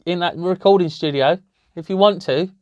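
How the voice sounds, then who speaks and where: A man's voice: high voice, moderate pace, darkish tone, no room sound, dull audio. A man co-hosting a podcast, chatting casually, teasing with hypotheticals and laughing often. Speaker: podcast co-host. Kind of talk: casual chat.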